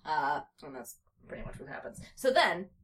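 A woman's voice: deep voice, big pitch swings, moderate pace, a bit bright. A young adult woman hosting a casual comic podcast, reading fan fiction aloud with giggly, sarcastic asides. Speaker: podcast host.

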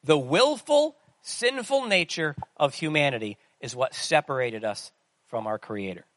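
High, bright-voiced preacher man. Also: expressive, measured pace, no echo. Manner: conversational preaching with rhetorical questions. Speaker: pastor. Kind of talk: sermon.

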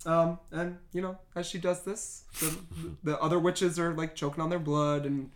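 A woman co-hosting a casual film chat, retelling scenes with lively delivery and jokes. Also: low voice, moderate pace. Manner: animated storyteller, acts out scenes in funny voices. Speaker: podcast co-host.

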